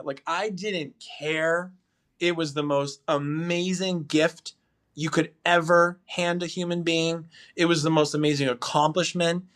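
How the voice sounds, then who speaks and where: Male podcast guest, slightly raised pitch, casual and rambling, animated storyteller.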